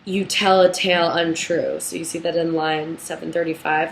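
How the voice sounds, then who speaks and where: A young adult woman teaching a literature class, talking it through in an unhurried, thoughtful way with many ums and restarts. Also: deep voice, a little hiss or hum. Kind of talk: recorded lecture with a read-aloud passage. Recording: echoey room, faint ambience.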